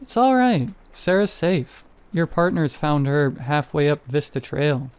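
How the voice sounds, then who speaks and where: A steady park ranger reassuring a frightened hiker, folksy and comforting, as a male narrator plays him. The voice sits a little higher than the narrator's own, with a dark, mellow tone underneath. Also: a little slow, smooth, dry recording.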